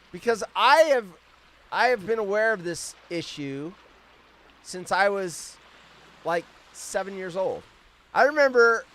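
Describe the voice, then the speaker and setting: Lively foul-mouthed man in his fifties. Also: high-pitched. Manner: profane, rambling, quick tangents. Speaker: host. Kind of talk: casual live-stream chat. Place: outdoors on vacation.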